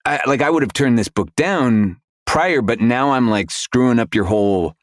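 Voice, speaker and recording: A man who is an audiobook narrator, a guest on a roundtable podcast, telling animated, winding stories. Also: medium pitch, moderate pace, no echo, clean studio sound. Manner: animated storyteller, talks in long winding stretches. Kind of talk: casual roundtable discussion.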